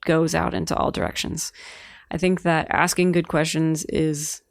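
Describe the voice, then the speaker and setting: Low husky-fried woman podcaster thinking out loud, dry close mic. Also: level tone, normal speed, no echo. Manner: thoughtful, wondering aloud. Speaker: podcast co-host. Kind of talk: casual conversation.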